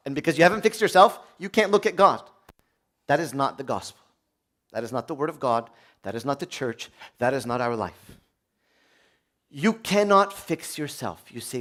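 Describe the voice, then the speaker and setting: Animated man preaching a sermon. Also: normal speed. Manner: animated, swings from loud high urgency to quiet low asides.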